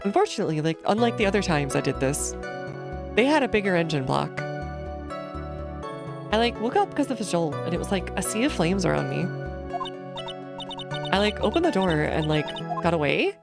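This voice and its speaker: A woman's voice: on the low side, very animated, moderate pace, creaky, pauses often, music in the background. A woman voicing a ditzy young valley-girl woman giving testimony in a game, filling every phrase with "like". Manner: airy, every phrase strung with "like".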